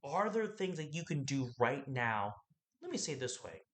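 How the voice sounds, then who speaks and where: A man hosting a podcast, giving an animated, preachy motivational talk that rambles and fires questions at the listener. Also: medium pitch, normal speed. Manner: animated and preachy, asks the listener questions, acts out other people's lines; rambling, with laughs and restarts.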